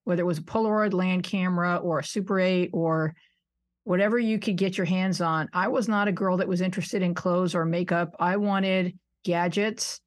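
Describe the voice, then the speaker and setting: Chatty low-voiced woman in her sixties. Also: steady tone, normal speed. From United States (suburban Buffalo, New York). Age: 60s. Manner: chatty, self-deprecating, laughs often, many "you know"s. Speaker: podcast guest. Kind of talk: casual interview chat.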